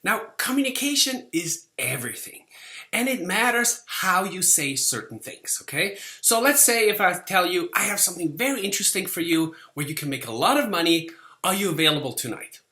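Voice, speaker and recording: A man's voice: high-pitched, very animated, moderate pace, sharp tone, reverberant. A man giving a lecture on sales, talking conversationally, acting out short quoted lines and often checking in with "okay?". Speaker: sales instructor.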